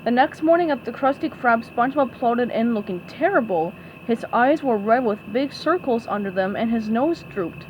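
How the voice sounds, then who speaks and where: A woman reading a children's storybook aloud, her voice high and lively. Her pitch rises and falls expressively, with a faint hiss underneath. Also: normal speed, hardly any pauses, poor audio. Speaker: storybook reader. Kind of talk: storybook read-aloud narration.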